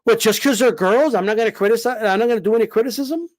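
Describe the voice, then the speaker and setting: A man's voice: sits high, fast talker. A man, a boxing commentator, ranting heatedly, full of swearing, with emphatic repeated "all right?" checks. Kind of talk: heated rant.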